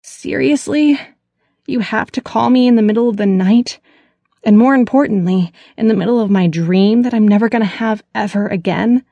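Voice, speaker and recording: A woman's voice: medium pitch, normal speed, warm tone, no room sound, dull audio, voice pushed up, natural voice. A woman narrator voicing an irritable young woman who has just been woken in the night, sounding exasperated and snappy in an audiobook. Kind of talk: audiobook character voice.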